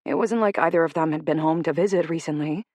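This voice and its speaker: A woman narrating a dark romance audiobook in the first person, measured and steady. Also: sits low, no room sound. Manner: measured storytelling.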